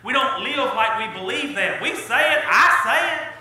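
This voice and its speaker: High-voiced preacher in an echoey hall. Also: male voice, expressive, moderate pace, bright, forceful tone, faint music behind. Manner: folksy, earnest preaching with rising emphasis. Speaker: pastor. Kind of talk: sermon.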